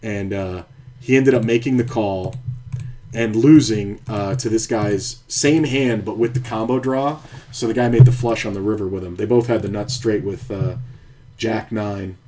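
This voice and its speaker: With noise in the background, a man in a fairly low voice streams online poker and chats casually at normal speed. He rambles through a profane tale from when he dealt cards, often restarting his sentences.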